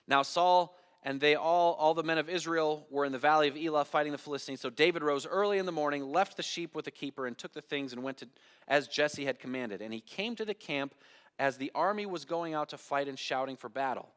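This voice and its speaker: A man on the high side, fairly quick and smooth with a fairly bright tone, preaches as pastor in a church sanctuary. He tells a Bible story dramatically, performs the voices of its figures, and asks the congregation questions, with the recording showing long church hall reverb.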